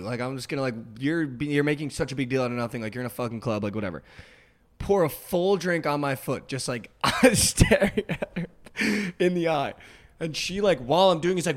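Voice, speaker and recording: A young man co-hosting a podcast, telling a story in casual chat, animated and full of "like" and "dude". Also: medium pitch, a little fast. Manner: animated, heavy use of "like" and "dude", acts out quotes. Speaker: podcast co-host.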